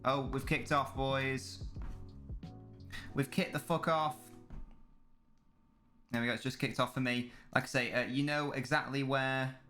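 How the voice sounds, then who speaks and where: A young man talks loosely with his live chat, swearing and joking between messages. His voice sits at a middling pitch. Faint music and keyboard typing play underneath. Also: steady tone, a little slow, pauses often, sharp tone. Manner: casual, swears, banters with chat, reads messages aloud. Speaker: streamer. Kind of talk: live football watch-along chat.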